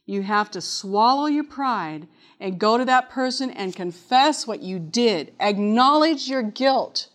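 A middle-aged woman preaches a sermon in a voice slightly above typical pitch, earnest and expressive and a little slow. She reads scripture aloud and frequently addresses her listeners with questions.

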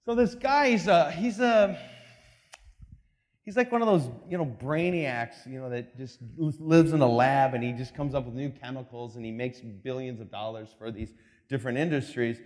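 A man's voice: on the high side, moderate pace, a little mellow. A man giving a motivational talk with slides, telling a story animatedly and acting out voices. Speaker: speaker. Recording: long reverb in a hall.

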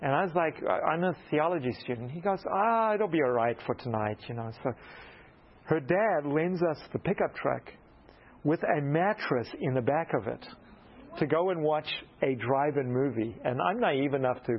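A man preaches through a personal story, poking fun at himself and acting out each exchange. His voice sits a little high and climbs further when he gets excited. The recording sounds dull and lo-fi. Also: normal speed, slightly rough. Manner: animated, self-mocking storyteller who acts out dialogue. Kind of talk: storytelling sermon.

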